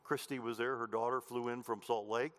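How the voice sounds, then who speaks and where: A man's voice: medium pitch, fairly even intonation, brisk, fairly bright tone. Earnest preacher man in a reverberant church. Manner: earnest preaching with repeated phrases and restarts. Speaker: pastor. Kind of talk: sermon. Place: church sanctuary. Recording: long hall reverb.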